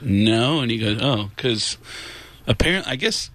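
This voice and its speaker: A man who is a comedian guest in a radio studio, chatting casually and telling animated stories with sudden high-pitched voices for quotes. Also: moderate pace, no room sound. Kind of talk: casual radio interview chat.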